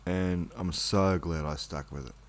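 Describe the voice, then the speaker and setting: A man hosting his own channel, talking calmly and unhurriedly in a relaxed late-night monologue at home before reading his poetry. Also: sits low. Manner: calm, unhurried, rambling.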